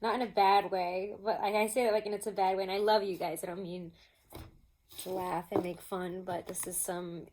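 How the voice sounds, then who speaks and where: A woman giving a casual tarot reading at home, chatty and expressive, laughing often and throwing in mock-exasperated asides. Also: mid-range voice, moderate pace. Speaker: tarot reader.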